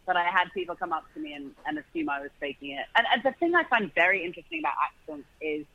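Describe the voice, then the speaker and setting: A man's voice: sits high, expressive, fast, muffled recording. A man with a British accent, chatting as an interview guest, restarting his sentences and laughing easily. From Britain. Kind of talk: casual interview chat.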